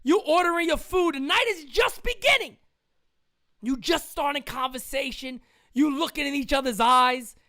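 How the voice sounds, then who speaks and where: A woman co-hosting a live sports fan show, telling an animated story in casual chat with vivid sound effects. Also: high-pitched, moderate pace.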